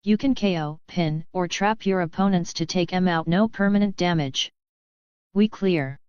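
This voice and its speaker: Woman voicing a growling tired male mentor, clipped words, low, smooth and dry, dull sound. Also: normal speed, a little mellow, no echo, close to an everyday voice. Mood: gruff. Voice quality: rough, growling. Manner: clipped, dropping word endings. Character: gruff weary male mentor, growling orders.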